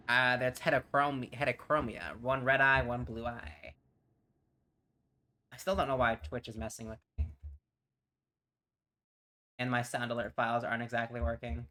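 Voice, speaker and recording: A man's voice: mid-range voice, level tone, measured pace, long pauses, sharp tone. A man from Tennessee chatting casually with viewers while playing a game, rambling and easily sidetracked. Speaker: streamer. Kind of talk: casual live-stream chat while gaming.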